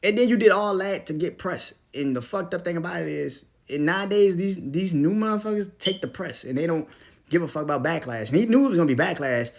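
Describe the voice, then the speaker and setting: A man's voice: on the high side, lively intonation, a little fast, vocal fry. A young man hosting a podcast, ranting bluntly with lots of swearing and laughing as he goes. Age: young adult. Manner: profane, blunt, laughs often, swings between loud and mumbled. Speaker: podcast host. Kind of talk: casual ranting monologue.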